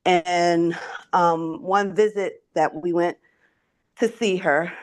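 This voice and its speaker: A woman on a group video call, earnestly telling a story with a gentle lesson. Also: fairly low pitch, steady tone, takes it slowly. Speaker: co-host and sales coach.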